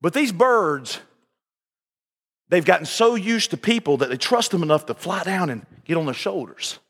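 A pastor preaches in a high, bright, forceful voice, folksy and emphatic. His words ring out with a long reverb through a church sanctuary. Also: expressive, moderate pace, breathy edge. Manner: folksy, emphatic preaching with call-and-response asides. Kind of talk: sermon.

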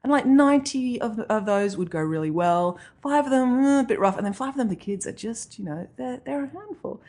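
Casting: woman, children's author being interviewed, chatty and quick to laugh. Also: a little high, expressive, darkish tone. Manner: chatty, laughs often, self-deprecating. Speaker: children's author and comedy writer. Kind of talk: interview conversation.

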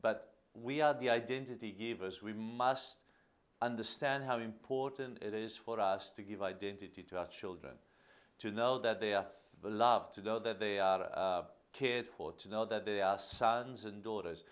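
A man with a fairly low voice delivers a podcast monologue on parenting. He speaks earnestly and with emphasis, often repeating words to drive a point home. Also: normal speed. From Australia. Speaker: podcast host.

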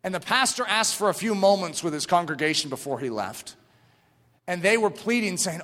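A man preaching a sermon with passion, rising to shouts and dropping to hushed near-whispers. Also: high voice, lively intonation, normal speed, long reverb tail. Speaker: pastor.

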